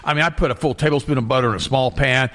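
Guy rattling off a story quick, repeats himself when fired up, echoey room. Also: mid-range voice. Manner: animated storyteller, repeats words when excited. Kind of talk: casual chat, telling an anecdote.

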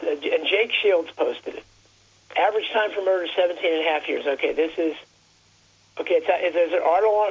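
A man's voice: on the high side, slightly rough, lo-fi sound. A man chatting on talk radio in a rambling way, stopping and restarting his sentences often. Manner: rambling, halting, many restarts. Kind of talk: casual talk radio chat.

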